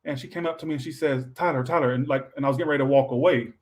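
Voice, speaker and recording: A tarot reader doing a casual livestream talks rapid-fire in a steady, medium-pitched, darkish voice, and the audio is poor. He sounds tired and low on energy, admitting as much, rambling, swearing casually, and repeatedly adding "all right."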